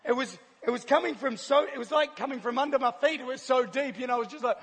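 Animated man telling his story, gravelly. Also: extremely high pitch, fast. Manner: animated storyteller acting out scenes, laughing often. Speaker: guest speaker. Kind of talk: personal testimony to a live audience. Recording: long hall reverb.

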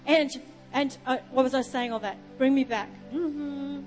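High-voiced Australian woman preaching. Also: fairly even intonation, measured pace, darkish tone. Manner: storytelling, rambling asides. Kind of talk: sermon. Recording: long reverb with music behind.

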